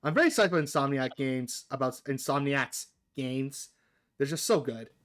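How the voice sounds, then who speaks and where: A man hosting a casual chat about video games, excitable, swearing freely and talking over his guest. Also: mid-range voice, moderate pace. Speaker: podcast host.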